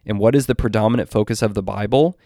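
A man giving earnest, emphatic commentary on preaching, slowing down to stress key phrases. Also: on the low side, dark tone, dry recording, clean studio sound. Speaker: Christian commentator. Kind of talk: scripted theological commentary.

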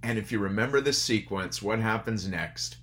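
A man delivers a sermon in an easy, conversational manner, telling a story before turning to scripture. His voice sits a little low. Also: normal speed, a bit bright. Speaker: pastor. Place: church service streamed online.

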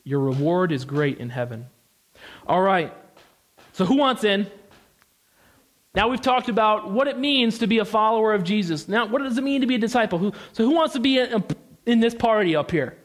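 In a high-sitting voice at a moderate pace, a young U.S. man gives an emphatic, animated sermon full of casual asides and repetition.

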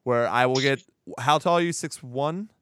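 Podcast host, man, lively storyteller with a resonant voice, recorded dry. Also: medium pitch, normal speed, smooth, no room sound. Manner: animated storytelling, acts out quotes, laughs often. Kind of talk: casual movie review chat.

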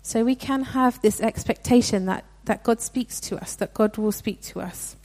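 A woman's voice: on the high side, moderate pace, darkish tone. A young woman giving a sermon in a conversational, earnest way, with frequent restarts. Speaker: preacher.

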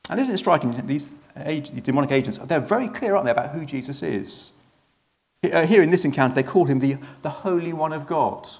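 Male preacher, gravelly, slightly high, conversational sermon with rhetorical questions. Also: animated, a little fast, darkish tone.

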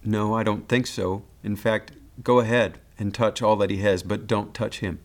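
A man voicing God, speaking in a firm, measured way. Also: fairly low pitch, steady tone, lightly acted. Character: God, calm commanding male voice.

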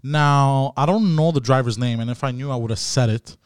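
A man's voice: mid-range voice, brisk, clean tone, dry recording, studio quality. A man hosting a podcast, telling a rambling, profane story in casual chat. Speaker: podcast host. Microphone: studio mic.

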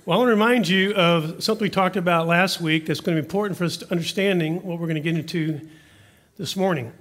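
A man, preaching a sermon as pastor, earnest and hushed when he prays. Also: sits high, quick pace.

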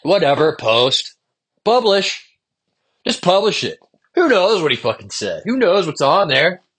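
A man's voice: sits high, sing-song, measured pace, fairly bright tone, breathy edge. A young man hosting a solo podcast, venting in a rambling, profane, frustrated way about his jobs. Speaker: podcast host. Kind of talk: solo stream-of-consciousness podcast monologue.

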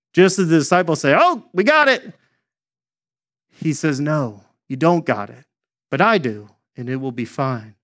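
Male pastor, relaxed conversational sermon delivery, voice a bit on the high side. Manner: conversational preaching, folksy asides.

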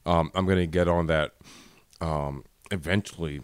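A man with a very deep, low voice chats casually as a podcast co-host, eager about what he enjoys. He talks while eating chips, and the sound is dry and close. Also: steady tone, normal speed, clean tone, no room sound. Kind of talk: casual chat.

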